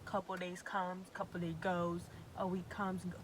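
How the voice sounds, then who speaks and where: A young woman from Massachusetts telling a storytime vlog with animated, profane, exasperated storytelling. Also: fairly low pitch, moderate pace, slight background noise, rough recording. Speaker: vlogger.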